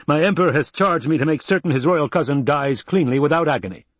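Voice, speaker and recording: A man's voice: a little high, animated, fast, dry recording, voice pushed up. A man reading an audiobook and voicing an arrogant imperial soldier officer who growls his demands curtly. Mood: arrogant demanding. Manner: growling, curt and forceful.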